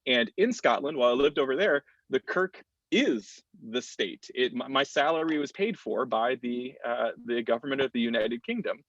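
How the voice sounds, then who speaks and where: An American clergyman in his thirties speaking thoughtfully on a panel, with frequent pauses and restarts. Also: mid-range voice, animated, a bit bright, no echo. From United States. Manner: reflective, thoughtful, many fillers and restarts. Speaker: clergyman and campus chaplain. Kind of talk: panel discussion talk. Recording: dull lo-fi dry sound.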